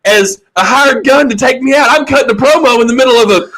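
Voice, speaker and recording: A man's voice: very high-pitched, quick pace, a bit bright. A man hosting a podcast in casual chat, telling a funny story with lots of laughter. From Southern Indiana. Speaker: podcast host.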